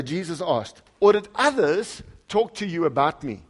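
A pastor preaching a conversational sermon. He reads scripture aloud with lively emphasis and puts questions to the congregation. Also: fairly high pitch, normal speed.

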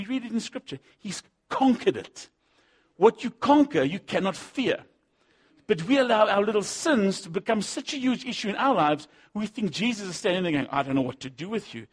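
A man preaching a sermon, swinging between loud punchy lines and low asides, acting out the voices he quotes. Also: lively intonation, normal speed, husky. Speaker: pastor.

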